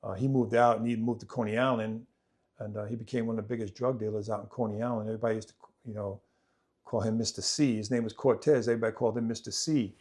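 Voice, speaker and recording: A man telling his own life story on a podcast, swinging between loud, animated moments and quiet, low passages, often repeating himself as he goes. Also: quick pace. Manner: vivid, repetitive retelling that acts out family members' voices. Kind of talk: personal storytelling in conversation.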